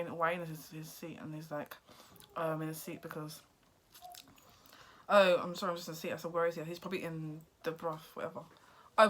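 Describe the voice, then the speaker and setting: A woman vlogger casually recapping a movie plot in a rambling way, acting out the characters' lines with excited outbursts. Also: on the low side.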